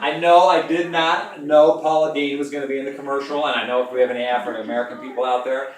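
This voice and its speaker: A man's voice: mid-range voice, steady tone, fast talker, few pauses, roomy sound, far from the mic. A man hosting a joking home cooking demonstration, rambling with playful asides to the viewers. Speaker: home cooking show host.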